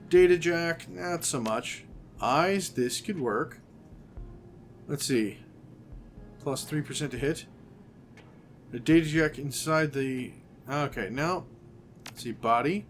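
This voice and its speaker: A man hosting a gaming channel, casually commenting on a playthrough, musing aloud as he weighs options and reads the game text. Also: medium pitch.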